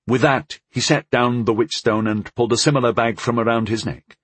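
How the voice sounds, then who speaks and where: A man narrating a first-person fantasy audiobook in an expressive storytelling manner with a husky voice. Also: mid-range voice, brisk, no room sound.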